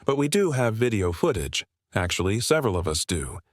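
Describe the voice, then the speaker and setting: Storybook calm dog owner, read by a male narrator, low and even. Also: fairly quick, dry recording, studio quality. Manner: calm, matter-of-fact.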